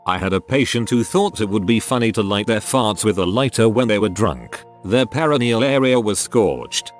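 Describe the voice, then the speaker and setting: Male story narrator, low voice with lively swings; scripted, dry-humored asides over faint music. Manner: wry, with joking asides between stories. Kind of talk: scripted narration of online stories.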